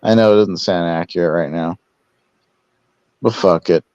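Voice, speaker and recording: A man's voice: low voice, normal speed, a little mellow, clean tone, dry recording, dull audio. A man chatting sarcastically on a live stream panel, mocking in a casual way.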